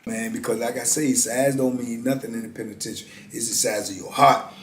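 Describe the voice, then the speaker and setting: Animated storytelling man in an echoey room. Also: mid-range voice, a little fast, a little hiss or hum. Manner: animated, vivid street storytelling with frequent "you know what I'm saying". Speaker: former prisoner telling prison stories. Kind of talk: casual storytelling monologue. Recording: roomy echo.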